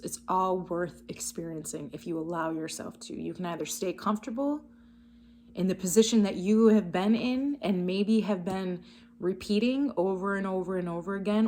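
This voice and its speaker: A woman's voice: lowish voice, darkish tone, a little hiss or hum. A woman giving a casual spiritual card reading, enthusiastic and encouraging, talking straight to her viewers. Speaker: tarot card reader.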